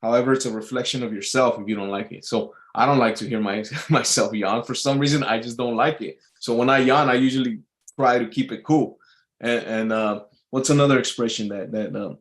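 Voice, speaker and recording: A man of medium pitch talks off the cuff to his live viewers. He rambles and swears freely, circling back with plenty of uhs and false starts. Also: a little fast. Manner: rambling, profane, full of fillers and restarts. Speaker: YouTube livestreamer. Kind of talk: casual rambling monologue. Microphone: live stream mic.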